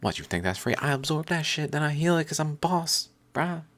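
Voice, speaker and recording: A man's voice: fairly high pitch, very animated, a little fast, fairly bright tone, dry recording, voice pushed up. A man putting on a cocky young healer who brags and swears at the people he helps. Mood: brash. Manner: brash, swearing, boastful. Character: cocky swaggering young male healer, scornful.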